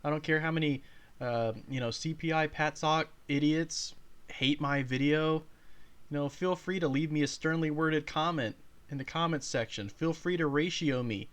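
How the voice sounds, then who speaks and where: A man's voice: fairly high pitch, normal speed, a bit bright. A man hosting a reaction video, sarcastic and profane, speaking straight to his viewers. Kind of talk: casual reaction commentary.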